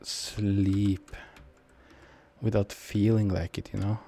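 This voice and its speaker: A young man with a Norwegian accent talks through his match in a loose, rambling way, poking fun at himself. His voice is fairly low and mellow, and he speaks at an unhurried pace. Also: level tone, vocal fry, slight background noise. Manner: rambling, low-key, self-mocking. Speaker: gamer commenting on his match. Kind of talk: casual gameplay commentary.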